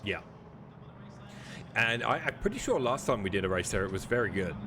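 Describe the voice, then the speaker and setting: A man who calls himself a tired old man, casting a sim racing broadcast in a relaxed, chatty way. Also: lowish voice, a little fast, noisy background. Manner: relaxed, yawning and laughing. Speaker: race caster.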